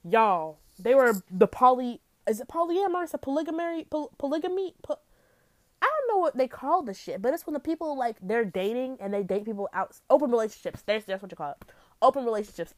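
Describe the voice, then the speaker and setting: A young woman talks straight into the mic in a dry, close recording with no room around her. She tells stories in a brash, profane, animated way, with big swings in pitch. Her voice sits at a middle height for a woman. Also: fast, dry recording. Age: young adult. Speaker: podcast host. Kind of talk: casual storytelling monologue.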